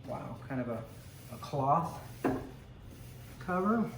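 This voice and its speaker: A man's voice: medium pitch, expressive, slow, vocal fry. A man chatting casually with frequent ums and asides as he unboxes a coffee maker at home. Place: home room with a dog. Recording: echoey room, distant mic, noisy background.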